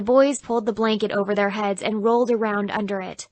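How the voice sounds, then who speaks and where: A woman narrating an audiobook in an even, clear storytelling voice. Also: medium pitch, brisk, no echo.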